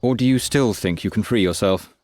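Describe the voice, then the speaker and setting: An actor playing a mocking, condescending young village bully in a video game. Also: male voice, on the low side, brisk, a little mellow, no echo, close to an everyday voice.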